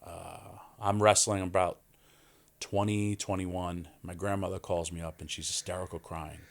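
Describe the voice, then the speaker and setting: Forties New man, low-pitched, animated podcast guest storyteller. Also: moderate pace, vocal fry. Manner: animated storyteller, acts out quoted voices. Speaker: wrestling guest.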